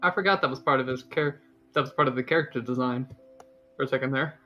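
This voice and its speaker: A man playing a tabletop game who describes his character haltingly, full of ums and self-corrections. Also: mid-range voice, highs cut off, soft background music. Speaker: player.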